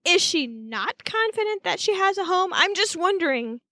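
High-pitched woman on a podcast, chatty and animated, lots of asides, dry close sound. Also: moderate pace, no room sound. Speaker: podcast co-host. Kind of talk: casual recap chat.

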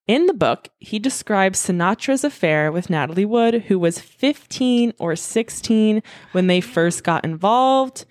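A woman's voice: mid-range voice, dry recording, clean studio sound. A woman hosting a podcast, telling a story in a chatty way, full of fillers and swearing freely. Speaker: podcast host. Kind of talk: casual storytelling.

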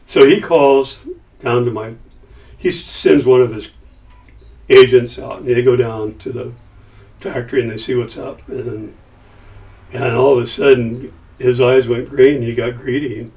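An older man spins a story in casual conversation, slipping into the voices of the people he quotes. His voice sits at an ordinary pitch and comes across from slightly off the microphone. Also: unhurried, pauses often, distant mic. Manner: animated storyteller acting out quoted dialogue. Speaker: guest.

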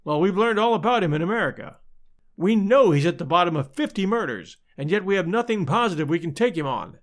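Man reading as a young American detective, businesslike, earnest, animated pitch. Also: fairly quick.

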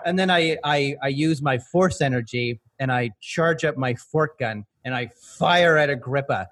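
A man playing a character in a tabletop game, telling his part with laughs and halting restarts. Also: medium pitch, a bit bright. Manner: giggly, halting storytelling. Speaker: player. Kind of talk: casual tabletop play.

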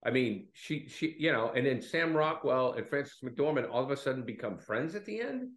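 A man co-hosts a casual film discussion, rambling through his points with plenty of restarts. His pitch swings lively up and down, and the recording rings with a roomy echo. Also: moderate pace. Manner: rambling, with false starts and self-corrections. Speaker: film podcast co-host.

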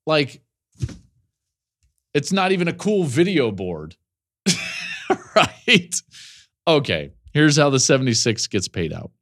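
On a podcast, a college football analyst in his forties runs through the week's news in a sing-song, mid-range voice that swings widely in pitch. He keeps drifting into laughing asides and quick stories.

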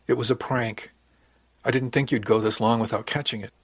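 A man's voice: medium pitch, steady tone, fairly quick, no echo, natural voice. A man doing a teasing young crewwoman. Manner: playful, teasing. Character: young female crewmate, teasing and friendly.

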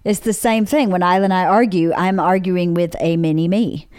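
A woman's voice: fairly low pitch, steady tone, normal speed, darkish tone, clear, resonant tone, no echo, clean studio sound. A middle-aged woman hosting a casual chat, reflecting on her family and laughing easily. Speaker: podcast host, wife. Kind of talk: casual conversation.

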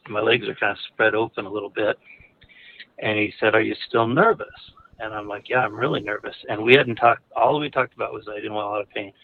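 A man's voice: on the low side, vocal fry, a little hiss or hum. A male caller telling a personal story frankly, in a candid, rambling way with chuckles between phrases. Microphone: phone call. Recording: tinny phone line.

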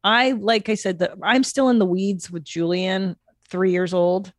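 Mom podcast host chatting, swears a lot, middle pitch, dry close mic. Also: female voice, unhurried, no echo. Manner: profane, animated storytelling with mimicked voices. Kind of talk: casual podcast chat.

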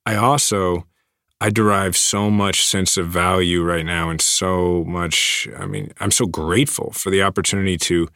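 A man in his thirties, a guest in a casual interview, speaking earnestly with many halting restarts. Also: low voice, fairly even intonation, bright, forceful tone, smooth, no echo, studio quality.

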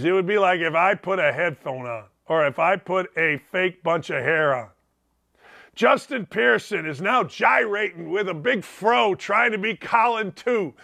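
Combative, animated male podcast host. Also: high-pitched, vocal fry. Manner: combative and sarcastic. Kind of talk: opinionated podcast monologue.

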